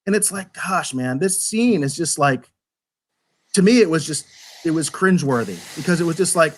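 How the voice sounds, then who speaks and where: Male podcast reviewer, slightly high voice, rambling and animated, exasperated. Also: normal speed. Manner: rambling, repeats words when restarting. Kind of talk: casual review chat.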